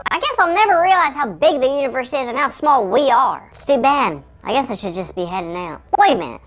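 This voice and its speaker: A woman voicing a panicky shrunken host with a squeaky, chipmunk-like voice. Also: expressive, a little fast, faint music behind. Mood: panicked. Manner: frantic and exclamatory.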